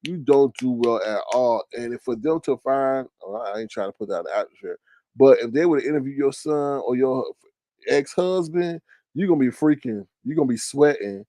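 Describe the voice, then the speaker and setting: A young man hosting a casual commentary stream, ranting loudly and mockingly to his live chat, swearing often. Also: expressive, normal speed, dry recording. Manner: loud, profane, mocking rant with big pitch swings. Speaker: commentary show host.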